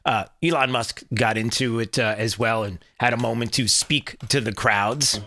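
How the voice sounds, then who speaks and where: A man hosts his own commentary show in a bright, forward voice. He rambles along with plenty of fillers and drops in jokey asides. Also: mid-range voice, fairly even intonation, moderate pace. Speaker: show host. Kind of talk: casual commentary.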